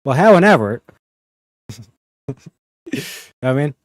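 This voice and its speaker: A man's voice: medium pitch, very animated, slow, no room sound, studio quality. A young man hosting a livestream in casual, rambling chat, full of slang and "you know what I mean". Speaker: livestream host.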